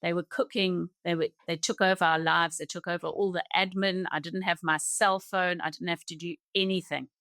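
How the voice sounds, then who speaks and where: A middle-aged woman speaking as a podcast guest in an earnest, reflective, halting way, often restarting her sentences. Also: on the low side, fairly even intonation, a bit bright, no room sound, studio quality. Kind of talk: reflective personal conversation.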